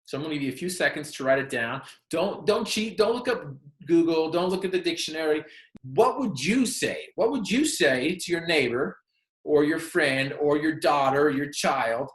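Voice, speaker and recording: A man's voice: fairly high pitch, lively intonation, normal speed. A man giving a motivational talk who tells a story and asks the audience questions directly. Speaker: motivational speaker. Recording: roomy echo.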